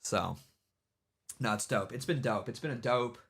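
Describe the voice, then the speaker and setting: A man's voice: medium pitch, moderate pace, vocal fry, a bit bright, slightly rough. A man hosting a livestream, giving casual, rambling commentary and mocking people, with many repeated "you know what I mean"s. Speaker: livestream host.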